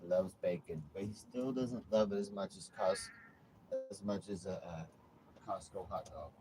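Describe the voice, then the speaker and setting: A man with a fairly low voice talks casually as he cooks in an RV, rambling and cracking offhand jokes. A steady noise hums clearly behind him throughout. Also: a little slow. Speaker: vlogger. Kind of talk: casual cooking vlog chat. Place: RV kitchen. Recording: noisy background hum.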